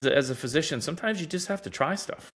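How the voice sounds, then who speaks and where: A man's voice: a little high, rapid-fire. A man on a podcast casually telling patient stories, acting out what doctors said to him. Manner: animated storyteller acting out quoted doctors. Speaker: guest, device innovator. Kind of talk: casual storytelling in a podcast interview.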